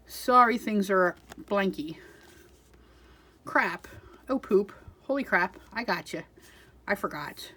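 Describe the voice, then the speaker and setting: A woman's voice: mid-range voice, expressive, slow pace, pauses often, fairly bright tone. A woman chatting casually through a crafting haul, chatty and self-deprecating, giggling at herself. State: out of breath.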